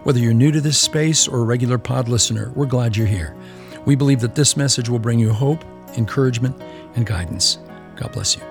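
A man preaching a sermon as pastor, animated and playful, acting out little quoted exchanges. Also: medium pitch, brisk, soft background music.

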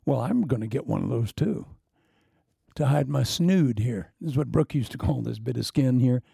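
A man's voice: medium pitch, lively intonation, moderate pace, creaky, dark tone, breathy edge, no room sound, clean studio sound. A middle-aged man preaching a sermon as pastor, conversational and joking, with laughing asides.

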